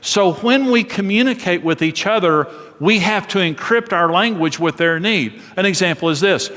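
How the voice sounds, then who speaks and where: A middle-aged man preaches with earnest emphasis, his voice a little higher than most men's. He sounds like he is in a church sanctuary, and his words ring out with a long, echoing reverb. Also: expressive, normal speed, a bit bright. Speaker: pastor. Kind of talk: sermon on marriage.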